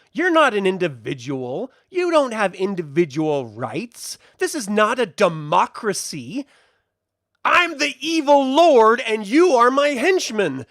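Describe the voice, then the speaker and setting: A man's voice: sits high, a bit bright, no room sound, clean studio sound, voice pushed up, heavily acted. A man playing an arrogant evil warlord who scolds his henchman and swears at him. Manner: domineering, profane.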